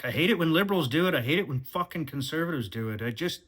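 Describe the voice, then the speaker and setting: A man talking casually in a diary-style vlog, rambling and swearing as he questions himself out loud. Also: on the high side, expressive, quick pace, breathy edge. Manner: rambling, profane, self-questioning. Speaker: vlogger.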